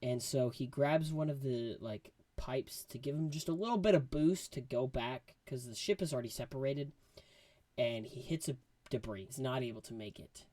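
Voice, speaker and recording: A young man giving a casual movie review, talking in slang and acting out quotes from scenes with excitement. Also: mid-range voice, normal speed, no echo.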